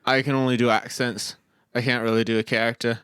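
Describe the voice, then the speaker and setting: A man's voice: medium pitch, little pitch movement, a bit bright, clear, resonant tone, dry recording, clean studio sound, lightly acted. A man putting on a cartoonish British bloke. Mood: jokey. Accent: mock British. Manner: exaggerated slang, fast. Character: comic British bloke, brash slangy young man.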